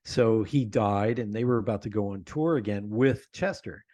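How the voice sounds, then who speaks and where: A man guesting on an interview podcast, telling animated stories about his own show and laughing often. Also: fairly low pitch, normal speed, no room sound. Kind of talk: conversational interview.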